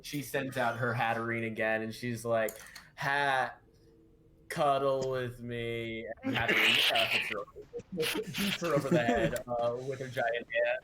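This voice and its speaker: A man's voice: mid-range voice, normal speed, few pauses, crowd noise. A young man narrating as game master in a casual, wry way, often laughing.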